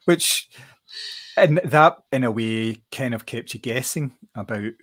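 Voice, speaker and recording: A man chatting casually about a film, relaxed and halting with many restarts. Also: medium pitch. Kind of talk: casual film review chat.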